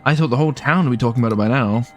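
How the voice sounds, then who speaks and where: A man's voice: mid-range voice, very fast, faint music behind, natural voice. A man voicing an anxious, flustered older female village mayor in a game, fretful and stammering.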